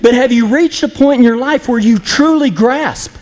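A man's voice: extremely high pitch, moderate pace, a little mellow, long reverb tail. A man preaching an impassioned, folksy sermon that speaks straight to the congregation. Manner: impassioned, folksy and direct, acting out flippant apologies.

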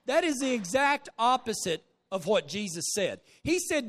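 A man preaching a sermon to a congregation, telling folksy stories in an animated way. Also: extremely high pitch, moderate pace, hardly any pauses. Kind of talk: sermon with storytelling. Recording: long reverb of a large hall.

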